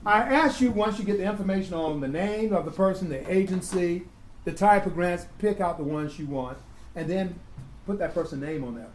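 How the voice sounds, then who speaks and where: Male instructor, fairly high voice, call-and-response lecturing style, faint room hiss. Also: normal speed, a little mellow, rough recording. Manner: asks the class "what?" and answers himself, repeats key words. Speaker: grant-writing instructor. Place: community classroom.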